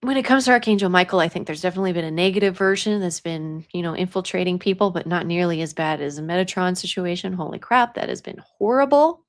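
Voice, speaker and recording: Talking quickly with hardly any pauses, a young psychic medium with a lowish voice chats casually about spiritual topics. She laughs a lot and slips into whispers at points in her story.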